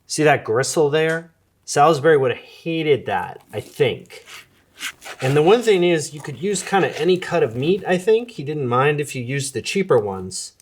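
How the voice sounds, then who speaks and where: A man's voice: on the high side, lively intonation, normal speed, a little hiss or hum. A man hosting a casual explainer video, chatting wryly with amused asides while demonstrating a kitchen gadget. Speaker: video essay host. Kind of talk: casual explainer with cooking demo.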